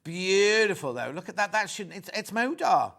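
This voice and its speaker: Chatty British male shopping-channel host, bright and lively, with a slightly higher voice, on a TV studio set. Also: moderate pace, vocal fry. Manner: chatty, teasing, reading out prices and viewer messages. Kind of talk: live sewing shopping show chat.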